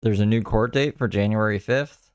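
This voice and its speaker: A man's voice: fairly low pitch, moderate pace, a little mellow, dull audio, a little hiss or hum. A man giving live reaction commentary, muttering and irritable about his tech. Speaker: stream commentator.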